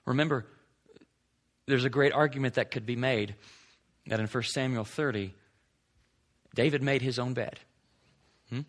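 Husky-voiced male preacher. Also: medium pitch, a little slow, long pauses. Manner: dynamic preaching, swings from emphatic to hushed. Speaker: pastor. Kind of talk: sermon.

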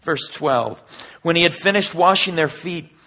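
A male pastor delivering a sermon with a husky, slightly raised voice. He reads scripture and comments on it, swinging from booming emphasis down to hushed near-whispers. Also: measured pace.

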